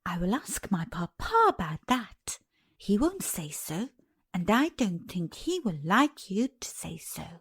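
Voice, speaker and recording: A woman voicing a young princess girl who speaks quietly and with dignity. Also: mid-range voice, very animated, measured pace, breathy edge, exaggerated voice. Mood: quietly firm.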